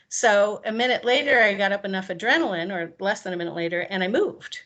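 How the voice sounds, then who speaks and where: Animated woman telling a personal story. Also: mid-range voice, fast talker, lo-fi sound. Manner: animated, acts out quoted dialogue. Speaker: interview guest.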